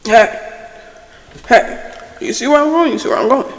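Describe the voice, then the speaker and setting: A woman's voice: a little high, moderate pace, long reverb tail, slight background noise, rough recording. A woman hosting a casual ASMR storytime chat, telling her story bluntly and animatedly with plenty of swearing. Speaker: ASMR channel host.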